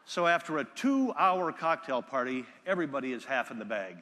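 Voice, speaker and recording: A man giving a live keynote speech from a conference stage, telling stories with energy and loud bursts when he quotes people. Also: mid-range voice, lively intonation, fairly quick, big-room sound. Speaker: keynote speaker. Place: large conference hall.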